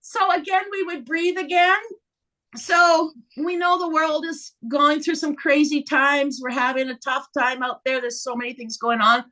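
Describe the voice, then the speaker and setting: Brief high, bright woman guiding laughter yoga on a video call, animated, laughs easily. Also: a little slow. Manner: animated, breaks into laughter, guides breathing. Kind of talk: leading a live laughter yoga session.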